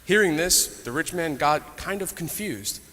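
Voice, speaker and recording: A man's voice: a little high, animated, measured pace, bright, forceful tone. A man teaching an adult Bible study class in a conversational way, retelling stories with asides. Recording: echoey hall reverb.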